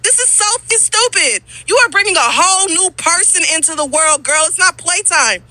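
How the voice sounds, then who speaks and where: Woman, podcast rant, very high voice, piercing bright tone, blunt and profane, scolding. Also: animated, moderate pace, no room sound, poor audio. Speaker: podcast co-host.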